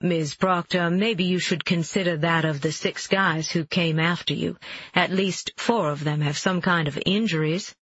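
Un lecteur d'audiolivre qui incarne un policier calme et pince-sans-rire, aux questions posées d'un ton sec et mesuré, avec une voix un peu voilée dans un enregistrement sec et légèrement terne. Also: male voice, fairly high pitch, slightly rough, no echo, highs cut off. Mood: measured. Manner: dry, measured questioning. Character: calm, dry-spoken male police officer. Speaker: police officer.

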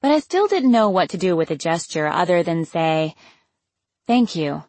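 A woman's voice: fairly low pitch, sing-song, a little fast, a little mellow, no echo. A young woman narrating a novel in the first person, wry and casual, swearing now and then. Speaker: audiobook narrator.

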